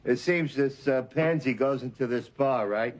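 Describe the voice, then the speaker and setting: A man playing a gruff, blustering middle-aged police chief in a 1980s sitcom. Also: mid-range voice, normal speed, natural voice. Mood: mocking. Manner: gruff, joke-telling, flustered. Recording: studio audience laughter behind.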